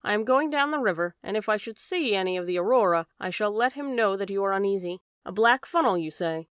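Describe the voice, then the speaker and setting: A woman voicing a shrewd, measured male detective in an audiobook. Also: mid-range voice, lively intonation, clean tone, no echo, studio quality, close to an everyday voice. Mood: calm. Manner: measured, courteous, quietly strategic. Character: cool, shrewd male detective, polite and probing.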